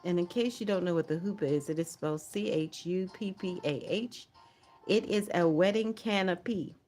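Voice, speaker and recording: A woman's voice: on the low side, moderate pace, a little mellow, soft background music. A woman hosting a livestream prayer watch, chatting casually, laughing often and reading viewer comments aloud.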